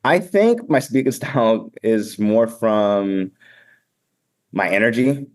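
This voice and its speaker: A man's voice: lowish voice, lively intonation, slow. A man with a Boston accent, an event emcee speaking energetically and sometimes bluntly in a casual podcast interview.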